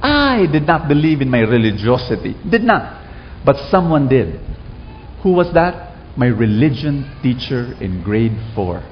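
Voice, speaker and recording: In a dull, echoey recording of a church hall, a preacher from the Philippines leads his congregation, sharing stories and asking them to echo his words. He speaks a little slowly in a sing-song, medium-pitched voice. There's slight background noise.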